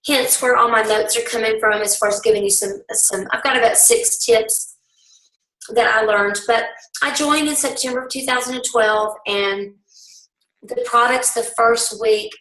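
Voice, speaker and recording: A middle-aged woman, a bit hoarse, telling her story to a sales team in a rambling, folksy way full of ums. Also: a little high, fairly even intonation, moderate pace, a bit bright. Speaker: guest speaker on a team call. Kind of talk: personal testimony to a sales team. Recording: roomy, distant conference-call audio.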